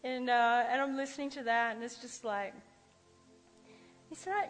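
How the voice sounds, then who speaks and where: A woman preacher telling personal stories in a lively sermon, acting out the voices she quotes. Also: a little high, measured pace, pauses often, long reverb tail, soft background music, low-quality recording.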